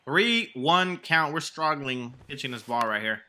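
Excitable young man commenting on gameplay. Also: fairly high pitch, unhurried. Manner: excitable, yelling at big plays. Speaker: gaming channel host.

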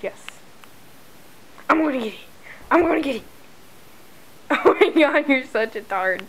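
A woman's voice: high voice, lively intonation, a little slow, a bit bright, poor audio. A woman filming her dog at home, talking to it in exaggerated sing-song baby talk.

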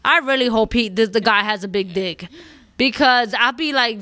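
Emphatic, profane woman host, higher voice. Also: normal speed, pushed and bright, dry recording, clean studio sound. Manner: emphatic, profane, repeats "you understand?". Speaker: podcast host. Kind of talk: casual opinionated chat.

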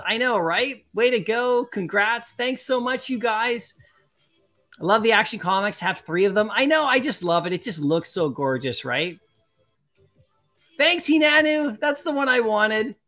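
Excitable, bright-voiced streamer. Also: medium pitch. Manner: excitable and chatty, laughs often. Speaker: live-stream host opening collectible card packs. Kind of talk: casual live-stream chat, reading viewer comments aloud.

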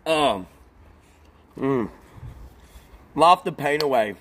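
By a pool outdoors, a young man live-streams, chatting casually and laid-back with his viewers and often bursting into laughter. His voice is a little high, bright, and expressive, slow with long pauses, with a little hiss or hum in the background.

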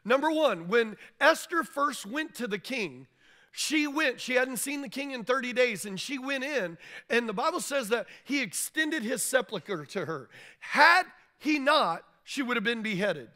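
A man's voice: extremely high pitch, animated, normal speed, pushed and bright. A man preaching a sermon, retelling the story in a loose storytelling style and acting out what the figures say in casual modern speech. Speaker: pastor. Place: church.

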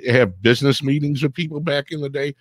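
A man in his fifties from Chicago, hosting a casual chat as an animated, jokey storyteller. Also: mid-range voice, brisk, no echo. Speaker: host.

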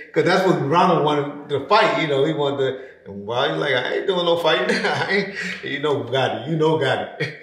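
A man telling a story as an interview guest, casual and slangy, acting out other people's lines loudly and trailing off into low mutters. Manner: animated, acts out quotes loudly; slangy, drops to a mutter at ends of phrases. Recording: roomy echo.

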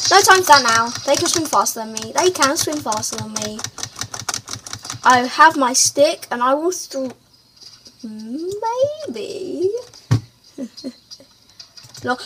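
A woman hosting a let's play, excitable, shrieking and chatting to the creatures on screen. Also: sits high, takes it slowly, noisy background. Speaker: gaming channel host.

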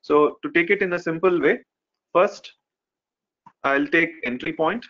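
A man's voice: fairly high pitch, measured pace, pauses often, fairly bright tone. A male instructor teaching a live online technical class, explaining step by step with frequent "okay" and "right". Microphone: video call. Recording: dull lo-fi call audio.

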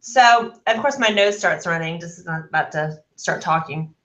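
Woman cohost, blunt, swears a bit, bright voice. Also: on the low side, normal speed, poor audio. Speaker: podcast co-host, discussion leader. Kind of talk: casual book club chat.

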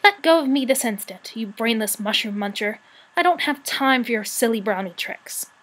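A woman's voice: high-pitched, expressive, normal speed, a bit bright, husky, voice pushed up, heavily acted, low-quality recording. A woman voicing a fussy, peevish little female rat who grumbles and hisses crossly. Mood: agitated.

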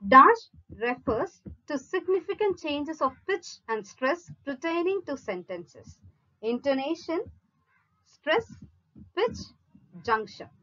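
Slow, bright-voiced woman reading quiz questions. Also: sits high, sing-song, highs cut off. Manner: measured, reads each option in a list then gives the answer. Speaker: teacher reading exam questions. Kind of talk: slow read-out quiz lesson.

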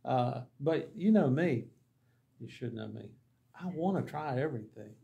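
A man's voice: medium pitch, animated, unhurried, creaky, mellow. A man, a pastor teaching a Bible class, telling folksy, humorous mission stories and acting out the dialogue. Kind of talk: anecdotal Bible lesson storytelling.

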